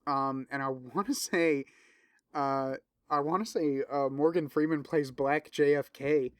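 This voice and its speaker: Solo podcaster, male, fairly high voice, dry close sound, loose and profane, eager recommender. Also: measured pace, smooth, no room sound. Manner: loose, profane, filler-heavy rambling with restarts; enthusiastic recommending. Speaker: podcast host. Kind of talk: casual solo podcast chat.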